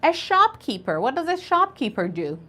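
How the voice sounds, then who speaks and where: A woman's voice: sits high, very animated, moderate pace, sharp tone. A woman teaching an online English conversation class, patiently spelling out words and drilling pronunciation.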